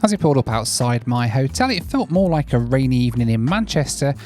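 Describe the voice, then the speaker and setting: A man in his thirties talks straight to the camera in an easy, upbeat travel-vlog manner. He is chatty and casual, and soft music runs underneath his voice. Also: mid-range voice, very animated, quick pace. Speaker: travel vlogger.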